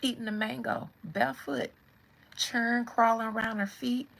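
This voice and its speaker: A woman hosting her channel, giving casual, animated celebrity commentary, laughing often and talking straight to her viewers. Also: fairly high pitch, measured pace, vocal fry, low-quality recording. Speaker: channel host.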